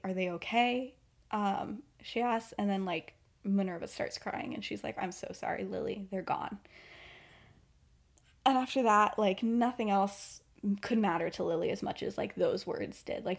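Softly chatty young woman retelling a story. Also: mid-range voice, gravelly. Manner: chatty, many fillers, quiet storytelling voice. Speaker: podcast host and writer. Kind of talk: casual retelling of her own fan story.

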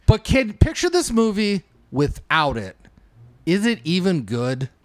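A man's voice: high-pitched, measured pace. A man co-hosting a casual movie podcast, joking and swearing as he riffs with friends. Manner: animated, profane, jokey. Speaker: podcast co-host.

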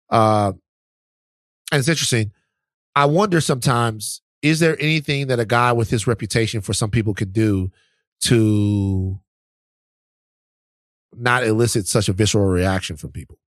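A podcast co-host in casual chat, talking in an animated, teasing way and swearing casually. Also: mid-range voice, no room sound, clean studio sound.

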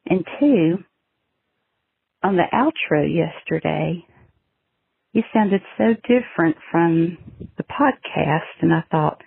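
A woman's voice: fairly low pitch, lively intonation, slow, gravelly, pauses often, husky, no echo. A woman from Georgia leaving a chatty, storytelling voicemail for a podcast host. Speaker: caller. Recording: dry tinny phone line.

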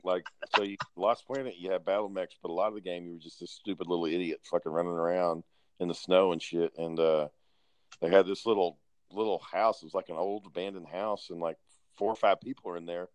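A man's voice: low-pitched, fairly even intonation, fairly quick, dry recording, poor audio. A man chatting casually about video games, laid-back and swearing freely. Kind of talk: casual gaming chat.

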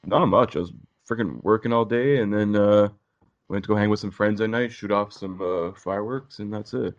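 A man co-hosting a casual podcast chat, profane and animated, quick to laugh. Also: lowish voice, highs cut off. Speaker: podcast co-host.

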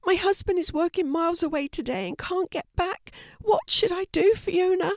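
A woman's voice: moderate pace, no room sound, studio quality. A woman doing a frightened young mother in labour. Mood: distressed. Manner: high, strained, breathy whimpering.

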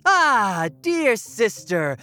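A woman's voice: fairly high pitch, very animated, drawn-out words, sharp tone, soft background music, full character voice. A woman voicing a scheming young male storm god in an audio drama, mock-polite and sly.

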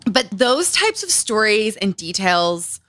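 A woman's voice: mid-range voice, big pitch swings, slow pace, a bit bright. A woman hosting a podcast, telling stories in a chatty, casual way, full of "like". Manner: chatty storyteller, heavy use of "like". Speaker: podcast host. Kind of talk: casual book chat.

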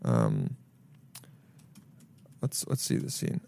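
A young man hosting a solo podcast from his apartment, rambling loudly with jokes and swearing. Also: medium pitch, normal speed, slight background noise. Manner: rambling, loud, jokey, swears a lot. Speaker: podcast host. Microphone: camera mic.

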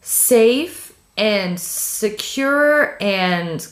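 A woman's voice: mid-range voice, lively intonation, extremely slow, a bit bright. Woman, podcast co-host, casual chat, chatty, enthusiastic, echoey room. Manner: chatty, enthusiastic reactions, laughs often.

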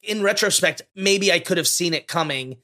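High, bright, gushing man. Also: lively intonation, moderate pace. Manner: effusive, emotional, gushing. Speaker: podcast co-host. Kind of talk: casual movie discussion.

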